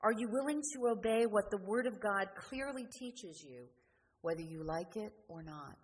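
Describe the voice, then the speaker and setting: A woman preaching a sermon, earnest and questioning, often letting her sentences fall quiet at the end. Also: medium pitch, animated, normal speed. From New Jersey. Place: church. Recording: church hall reverb, faint noise.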